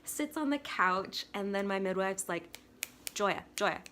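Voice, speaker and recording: A young woman at a mid-range pitch tells her own story to the camera in a casual, excitable vlog manner. She is chatty and leans on 'like' as she talks. A faint noise sits under her voice. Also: measured pace. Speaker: vlogger.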